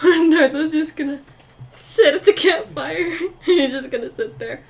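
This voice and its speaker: High-pitched giggly woman narrating her character in a tabletop game, slow-ish. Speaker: player. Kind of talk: tabletop game role-play.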